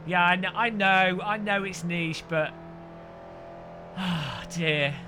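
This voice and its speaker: A man's voice: high-pitched, very slow. A man with a Midlands accent chatting and joking on a live stream while racing. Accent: English Midlands. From English Midlands. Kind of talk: live gaming commentary. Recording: noisy with race car sounds.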